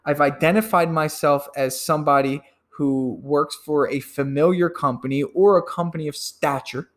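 A man giving a sales training talk, emphatic and quick to act out phone calls, often repeating words as he goes. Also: a little high. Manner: repeats words when excited. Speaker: sales coach.

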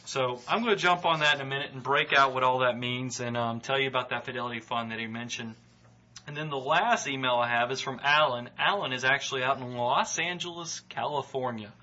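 A man's voice: mid-range voice, fairly quick, sharp tone, lo-fi sound. A man with a Southern US accent, hosting a solo podcast and reading listener emails, earnest and encouraging, with frequent fillers. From Georgia, US. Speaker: podcast host, financial adviser.

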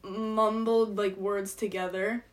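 A young woman of eighteen chatting casually with a friend, slangy and quick to laugh, sometimes mumbling her words together. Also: medium pitch, level tone. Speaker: podcast co-host. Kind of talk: casual chat.

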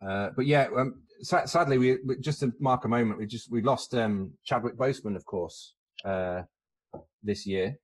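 A man's voice: medium pitch, normal speed. A man co-hosting a podcast in casual chat, hesitant and full of fillers and restarts. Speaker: podcast co-host.

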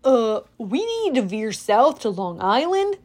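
A woman voicing a laid-back young male sun god who drawls calm, breezy advice. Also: a little high, unhurried. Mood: coaching.

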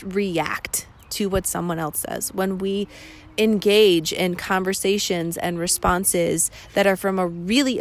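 A woman in her thirties hosts a solo podcast in a candid, reflective way. She often voices the questions she asks herself. Her pitch sits in an ordinary middle range. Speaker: podcast host. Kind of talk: casual solo podcast talk.

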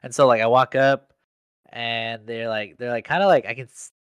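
A man's voice: medium pitch, fairly even intonation, normal speed, smooth, no echo, highs cut off. A young man in casual chat, telling a work story in slangy speech full of "like". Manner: slangy storytelling, heavy use of "like".

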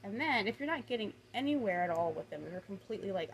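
A woman's voice: medium pitch, lively intonation, fast, vocal fry, few pauses, a little hiss or hum, rough recording. Conversational woman explaining a lesson. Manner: conversational, self-correcting, frequent fillers. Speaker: presenter summarizing a communication book. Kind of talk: casual explanatory talk.

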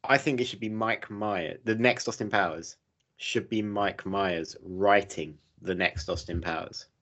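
A man chatting casually on a podcast, pitching ideas with enthusiasm and plenty of "uh" fillers. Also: a little slow, a bit bright. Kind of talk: casual chat. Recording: dull lo-fi mic.

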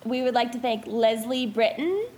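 A woman with a somewhat high voice co-hosts a casual chat podcast, running through listener thanks with frequent "um"s and "uh"s. Faint room ambience sits under her voice. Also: moderate pace, a little mellow, slight background noise. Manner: reads thanks and reminders with fillers. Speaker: podcast co-host.

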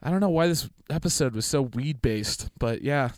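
A man's voice: mid-range voice, expressive, moderate pace, a little mellow, dry recording, clean studio sound. A man co-hosting a comedy podcast in crude, joking, rambling casual chat. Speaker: podcast co-host.

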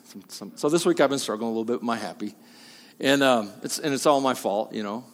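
A male pastor preaching a sermon, moving from quiet asides to loud, emphatic peaks. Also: mid-range voice, fast, big-room sound.

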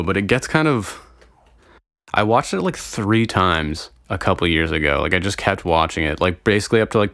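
A young man with a low voice talks loosely and profanely to his viewers, wandering off on tangents. The sound is dry and close, with no room around him. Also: creaky, fairly bright tone, no room sound. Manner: rambling, profane, easily sidetracked. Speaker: vlogger. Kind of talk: casual solo chat to viewers.

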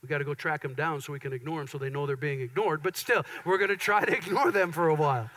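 A pastor preaching a conversational sermon, with playful asides and an Upper Midwest American accent. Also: male voice, fairly high pitch, fast, fairly bright tone, rough recording.

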